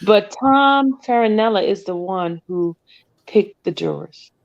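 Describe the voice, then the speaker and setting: A woman's voice: mid-range voice, animated, unhurried, highs cut off. A woman guest chatting casually and explaining case details in a conversation. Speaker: guest commentator. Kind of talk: casual chat.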